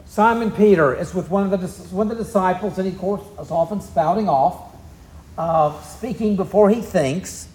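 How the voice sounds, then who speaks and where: A man's voice: sits high, moderate pace, darkish tone, echoey room. A man with a Southern US accent preaching a sermon, telling the story in a folksy, easygoing way. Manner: folksy storytelling, drawling asides. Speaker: pastor.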